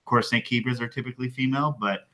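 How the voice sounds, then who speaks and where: A man doing a podcast host, bright forceful voice, hesitant, lots of likes and ums. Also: mid-range voice, fairly even intonation, fast. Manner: hesitant, many fillers. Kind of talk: casual podcast chat.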